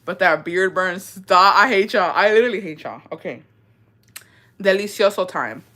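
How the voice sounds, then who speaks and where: A young woman hosting and reading viewer stories in a casual, animated chat, swearing freely and mixing in Spanish words. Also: mid-range voice, normal speed. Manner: bursts of laughter and dramatic reactions.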